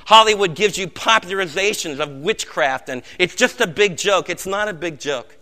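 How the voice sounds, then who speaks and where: An American man preaching a sermon with passion, swinging between loud outbursts and hushed low tones. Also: expressive, moderate pace. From United States. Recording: long reverb of a large hall.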